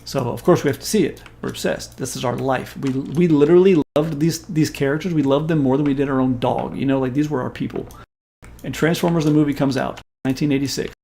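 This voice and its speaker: A man in his forties, a stream host, telling a story in casual chat in an animated, profane and emphatic way. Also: medium pitch, fast, creaky.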